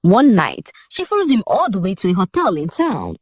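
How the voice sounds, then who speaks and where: A woman narrates a dramatic folk tale, her pitch rising and falling in an animated way. Her voice is husky and slightly breathy. It is recorded close and dry, with no room sound. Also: normal speed, no echo. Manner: lively, expressive storytelling. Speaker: storyteller.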